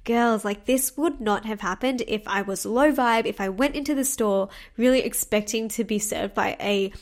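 A woman's voice: on the high side, normal speed. A young woman hosting a solo podcast, telling a story in a bubbly, chatty way with frequent laughs and talking straight to her listeners. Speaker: podcast host and manifestation coach.

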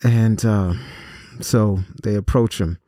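A man earnestly telling a personal story to students in a measured way, with pauses and fillers. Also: on the low side, fairly even intonation, dark tone, dry recording, studio quality. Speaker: host and speaker on violence prevention.

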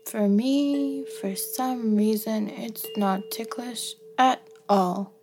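A woman voicing a shy, quiet young antelope in a bedtime story, soft-spoken. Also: high-pitched, takes it slowly, noisy background, voice pushed up.

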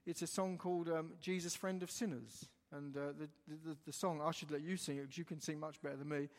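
A man's voice: fairly high pitch, steady tone, brisk. A man preaching a sermon, telling a story animatedly and retelling the dialogue line by line. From England. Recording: long hall reverb.

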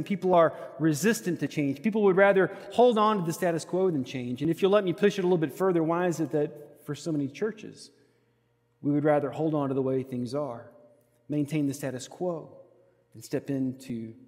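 A male pastor preaching an earnest sermon in a church sanctuary, moving between quiet reflection and emphatic stress. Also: on the high side, moderate pace. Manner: earnest, swinging from soft to emphatic. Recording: long hall reverb.

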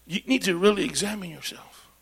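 A man preaching a sermon in church, calling out to the congregation and swinging between loud and hushed delivery. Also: sits high, brisk, vocal fry, husky. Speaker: pastor.

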